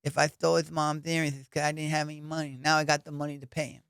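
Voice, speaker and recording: A man doing a soft, high-voiced boxer impression. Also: flat delivery, smooth, dry recording, studio quality. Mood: amused. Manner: high, childlike, halting.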